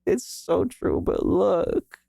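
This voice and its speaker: Brief: casual reaction streamer, gushing, swears, drawn-out lively delivery. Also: mid-range voice, dry recording, studio quality.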